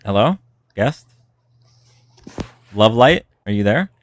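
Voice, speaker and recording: Animated and taking his time, a livestream host with a fairly low voice rambles casually, chatting with viewers and responding to their comments.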